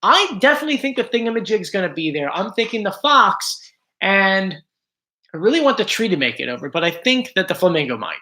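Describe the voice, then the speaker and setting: A man's voice: high-pitched, big pitch swings, fairly quick, bright, forceful tone. A man hosting a casual live stream from home, chatting and greeting viewers by name, his voice a little strained. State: slightly strained voice.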